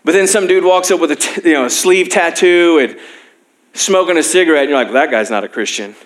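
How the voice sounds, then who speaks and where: A young male pastor with a fairly high voice, preaching from a church stage. He tells personal stories with self-deprecating humor, laughing often as he goes. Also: brisk. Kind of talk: sermon.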